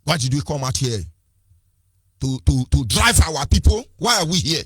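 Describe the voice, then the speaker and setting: Fiery nigerian guy giving a political speech, higher pitched voice, kinda husky. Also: sing-song, moderate pace, fairly bright tone, no echo, studio quality. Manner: fiery, rhetorical, repeats phrases, switches into Igbo and Pidgin. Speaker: activist speaker. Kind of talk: impassioned political address.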